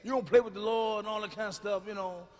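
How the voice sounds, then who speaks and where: A man performing a stand-up comedy set, talking in a loud, profane way with hollering bursts. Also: high-pitched, steady tone, fast. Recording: live hall reverb with faint room noise.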